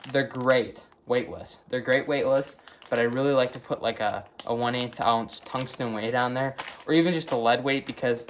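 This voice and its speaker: A man's voice: mid-range voice, slight background noise. A young man with a Wisconsin accent, talking casually through his gear in a vlog, filling gaps with lots of ums and okays. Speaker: fishing vlogger. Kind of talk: casual show-and-tell vlog.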